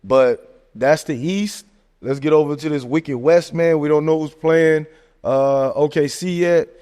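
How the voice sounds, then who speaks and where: A man talking sports casually on a podcast, animated and joking, tossing in "man" and "hey, look" constantly. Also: a little high, unhurried, smooth. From American South. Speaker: podcast host. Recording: long hall reverb.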